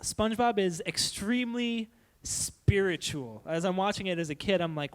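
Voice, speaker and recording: A young man giving a playful, animated youth sermon, acting out silly voices as he goes. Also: on the high side, a little fast, few pauses. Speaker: youth pastor.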